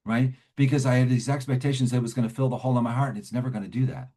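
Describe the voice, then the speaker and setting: A man's voice: medium pitch, very fast, few pauses, warm tone. A middle-aged man from New Jersey speaking at a recovery meeting, telling his story conversationally and often checking in with "right?". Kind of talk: personal recovery talk to a meeting.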